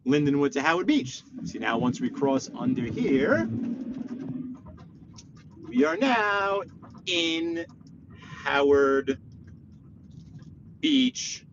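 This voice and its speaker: A man chatting with his live viewers while driving, joking and teasing in an animated way. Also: on the high side, very slow, long pauses. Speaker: live-streaming driver. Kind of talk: casual live-stream commentary while driving. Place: inside a moving car. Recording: dull lo-fi car audio with faint road noise.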